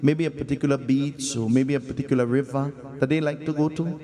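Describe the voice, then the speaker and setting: A man's voice: medium pitch, steady tone, brisk, warm tone. A man preaching a sermon, telling a story and asking the audience rhetorical questions. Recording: long reverb of a hall.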